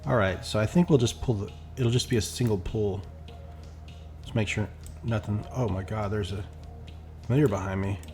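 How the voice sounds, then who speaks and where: A man's voice: on the low side, moderate pace, long pauses, darkish tone. A man chatting casually while playing a game, rambling and acting out quoted exchanges. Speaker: gameplay streamer. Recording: faint background music.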